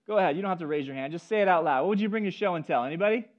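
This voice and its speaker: A man's voice: sits high, expressive, rapid-fire, lo-fi sound. A man preaching a sermon, telling stories and speaking directly to the congregation and its children. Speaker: pastor. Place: church service.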